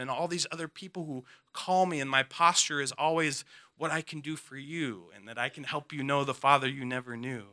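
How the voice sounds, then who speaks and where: Man with a bright voice telling a personal story. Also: mid-range voice. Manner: earnest, halting, with frequent restarts; drops soft and quiet at emotional moments.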